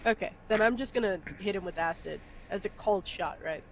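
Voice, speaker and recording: High-voiced joking male player. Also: gravelly, slight background noise, low-quality recording. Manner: joking, profane, quick banter. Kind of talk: tabletop game play.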